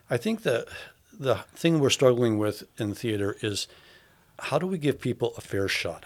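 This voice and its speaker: A man speaks in a fairly low voice. He talks through ideas as he goes, with frequent fillers, pauses and restarts. This is a relaxed, conversational interview. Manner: thoughtful, halting, many fillers and restarts. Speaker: theatre artistic director.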